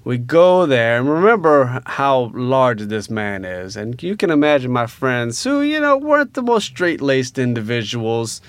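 A man from Louisiana telling a story in casual talk, animated and profane, dropping to hushed asides and then rising into loud rants. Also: medium pitch, unhurried, hardly any pauses, smooth, no room sound.

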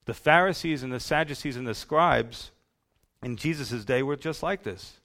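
A man preaching a sermon, retelling scripture in a folksy, storytelling way that swings between loud and soft. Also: mid-range voice, normal speed. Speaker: pastor.

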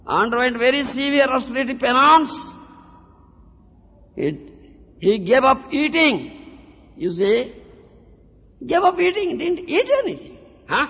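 A man delivers a devotional sermon in a high, lively voice that swoops up and down, keeping a slow, deliberate pace. He repeats words and keeps asking "huh?" and "you understand?". The lo-fi recording carries a long hall reverb. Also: vocal fry. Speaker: spiritual teacher.

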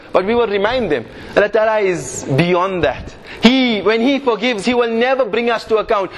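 A man's voice: very high voice, big-room sound, a little hiss or hum. A man preaching a sermon, telling a vivid story full of rhetorical questions.

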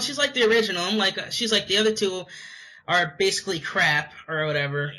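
Young Scottish man, high voice, rambling, hesitant, casual chat. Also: animated, moderate pace, pushed and bright, poor audio. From Scotland. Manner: rambling, hesitant, many fillers. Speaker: podcast co-host.

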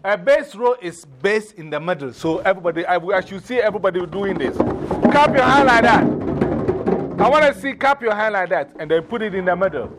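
A man leading a drumming workshop from abroad, coaxing a group through call-and-response with energetic, repeated cues. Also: high voice, fairly quick, loud music behind the voice. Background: hand drums playing.

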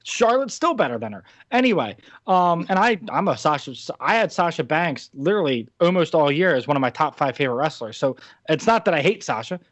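A man's voice: a little high, very animated, fairly quick, fairly bright tone, no echo. A young man from New Jersey co-hosting a casual chat, opinionated and ranting. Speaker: podcast co-host. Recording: dull, dry lo-fi recording.

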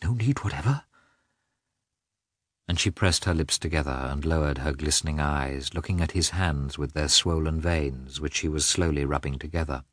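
A man narrating a classic novel as an audiobook, reading steadily and evenly in a measured way. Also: rumbling low, fairly even intonation, a bit bright, dry recording, studio quality.

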